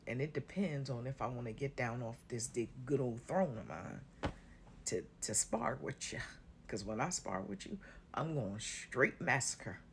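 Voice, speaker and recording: Sassy woman preaching self-work to her viewers, cusses a lot, calls folks honey and baby, kinda gravelly. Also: extremely low pitch, slight background noise. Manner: blunt and sassy, with frequent swearing; drawls terms like honey and baby. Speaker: spiritual content creator. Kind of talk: casual spiritual talk to viewers.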